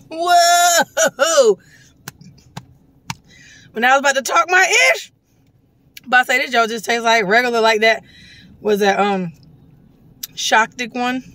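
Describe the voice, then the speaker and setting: A woman doing a casual taste-test vlog at a gas station. She talks in a slangy, animated way and bursts into loud exclamations. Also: on the high side, moderate pace, pauses often. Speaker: vlogger reviewing a soda.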